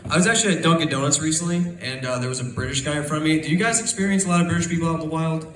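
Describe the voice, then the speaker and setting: Young male stand-up, rambling crowd work, a bit high-pitched, roomy live club sound. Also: rapid-fire, background noise. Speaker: stand-up comedian. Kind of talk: stand-up comedy set. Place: comedy club stage. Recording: roomy club, crowd laughter, distant capture.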